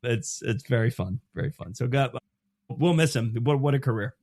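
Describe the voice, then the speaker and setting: A man's voice: mid-range voice, moderate pace, no echo, studio quality. A man as a podcast guest, telling stories in casual chat with many restarts and acting out the people he quotes. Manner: animated storytelling with many restarts; acts out quoted voices.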